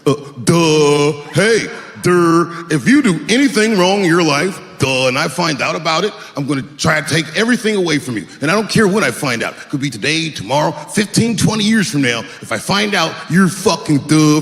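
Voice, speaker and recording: A man voicing a dim-witted, vindictive crowd that stammers "duh" and drawls out slow threats. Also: a little high, expressive, a bit bright, in a large hall, faint music behind. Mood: dopey threatening. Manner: slow, dopey, menacing drawl with filler grunts.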